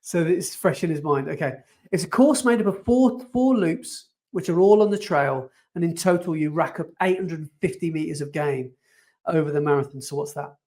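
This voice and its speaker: Chatty guy on a podcast, high-ish voice, laughs a lot. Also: normal speed. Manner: chatty, animated, laughs often. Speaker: podcast co-host. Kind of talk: casual chat.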